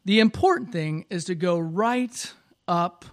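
A man's voice: high-pitched, measured pace. A man voicing the sly big animals. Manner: sly, coaxing, then exclaiming.

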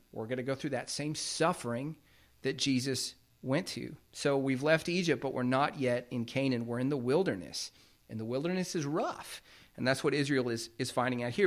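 A man's voice: on the high side, fairly bright tone. Man preaching a conversational sermon. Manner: conversational, explains scripture plainly. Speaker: pastor.

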